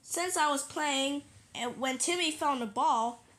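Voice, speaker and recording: A high voice playing a sad little dog. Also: female voice, measured pace, a bit bright. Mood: worried. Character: sad little dog who lost his ball.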